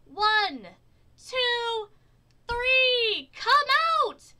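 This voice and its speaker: A woman voicing a crowd of townspeople in a storybook, shouting a slow, drawn-out chant. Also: very high-pitched, very animated, voice pushed up, full character voice.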